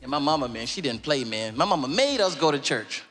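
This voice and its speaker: A man, a comedian, telling stories in an interview, animated and laughing often. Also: medium pitch, brisk, soft background music. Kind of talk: interview storytelling.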